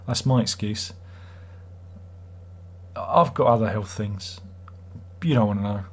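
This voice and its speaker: A man's voice: lowish voice, takes it slowly. A middle-aged British man hosting a livestream, chatting in a rambling, wry, self-mocking way. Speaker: livestream host. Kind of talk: casual livestream chat.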